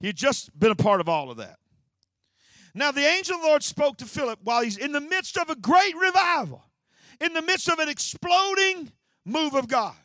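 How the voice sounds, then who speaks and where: A man, a pastor preaching an energetic sermon with frequent shouts and repeated phrases. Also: extremely high pitch, moderate pace, dry recording, studio quality.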